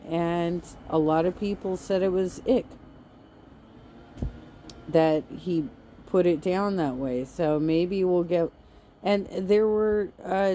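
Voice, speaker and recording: Blunt sarcastic woman streamer, low mellow voice, slow and unbothered, swears a lot. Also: slight background noise. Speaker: livestream host. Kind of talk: casual drama commentary.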